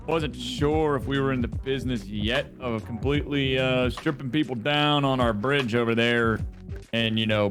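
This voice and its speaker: A man in a role-play game, telling a rambling story casually with many fillers and restarts. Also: mid-range voice.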